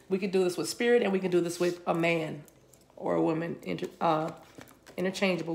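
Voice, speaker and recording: Female spiritual reader, low gravelly voice, meandering delivery. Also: steady tone, brisk, darkish tone, a little hiss or hum. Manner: rambling, repeats words as she receives them. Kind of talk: channeled spiritual reading. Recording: spiritual reading recorded for a video.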